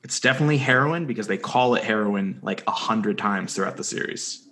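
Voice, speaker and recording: A man's voice: fairly low pitch, fairly quick, sharp tone. A young man co-hosting a podcast, recapping a TV episode in a jokey, rambling way with lots of fillers. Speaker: podcast co-host. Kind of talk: casual chat recapping a TV episode.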